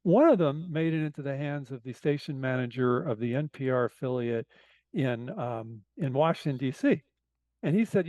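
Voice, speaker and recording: A man with a hoarse-sounding voice, a podcast guest telling an animated, self-deprecating story full of asides. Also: fairly high pitch, brisk, dry recording, dull audio. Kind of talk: casual storytelling.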